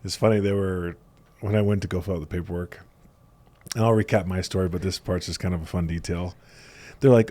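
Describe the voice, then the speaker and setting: A young man telling stories in casual conversation, animated and laughing often as he acts out quotes. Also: on the low side, normal speed. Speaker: podcast guest, salesman. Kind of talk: casual storytelling chat.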